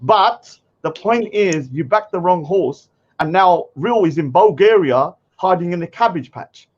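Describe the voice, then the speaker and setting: A man's voice: lively intonation, measured pace, highs cut off. A man arguing on a stream, mocking his opponent and laughing it off. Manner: mocking, mimics others in high whiny voices, laughs a lot. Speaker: streamer in a heated debate. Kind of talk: heated streamed argument.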